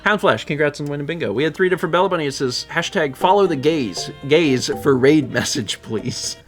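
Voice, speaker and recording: A man's voice: a little high, animated, brisk, fairly bright tone, soft background music. A man streaming a video game, chatting casually and rambling with frequent self-corrections. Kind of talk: casual gameplay chat.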